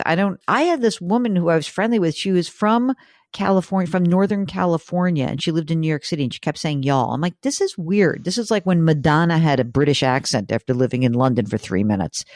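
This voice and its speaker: A woman's voice: low voice, darkish tone, dry recording, clean studio sound. A woman hosting a money call-in radio show, chatty and teasing with callers. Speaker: host.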